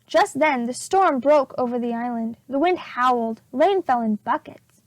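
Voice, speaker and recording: A woman teacher reading a chapter book aloud to preschool children, slow and expressive. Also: high voice, dry recording.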